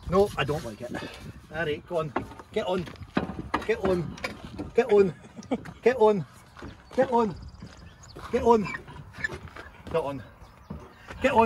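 A man grumbles and swears his way through a job outdoors in the heat. His voice sits high and jumps around a lot. Tool clatter and vehicle noise run clearly under him. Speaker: friend helping in a garage. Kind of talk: casual banter while working. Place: outdoors in hot weather by a truck.

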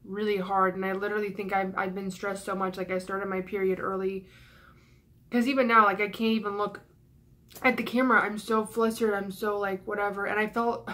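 A young woman venting in a vlog, flustered and breathless, rushing her words with sighs and swearing, stressed and near tears with her voice cracking. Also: medium pitch, flat delivery, a bit bright. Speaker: YouTuber. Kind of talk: emotional vlog rant.

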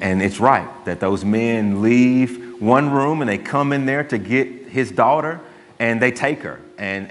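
A man, a pastor giving a sermon and telling a story in a relaxed, conversational way. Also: medium pitch. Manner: conversational storytelling, dry asides to the congregation. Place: church sanctuary. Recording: long church hall reverb.

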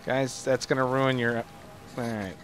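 A man's voice: mid-range voice, steady tone, a little slow, clear, resonant tone. A young man joking and laughing as he comments on a video game. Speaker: gamer. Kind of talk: let's play commentary.

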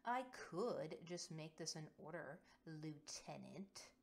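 A woman doing a rumbling fatherly general. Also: takes it slowly, creaky, full character voice. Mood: warm commanding. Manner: rumbling, steady and reassuring. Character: kindly male general, fatherly and commanding.

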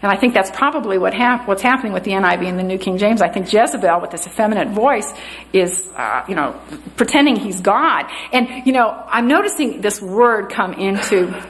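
A woman's voice: medium pitch, expressive, brisk, poor audio. A woman giving a rambling, earnest Bible study talk in a church, spelling out words letter by letter and correcting herself often. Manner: earnest, with frequent fillers and self-corrections. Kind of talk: lecture-style teaching talk.

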